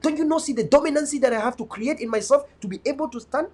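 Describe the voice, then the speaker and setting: A man's voice: extremely high pitch, quick pace, darkish tone. A young man speaking as an activist and online media host, delivering a fervent, emphatic political monologue with repeated restarts. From Cameroon, North West (Bui).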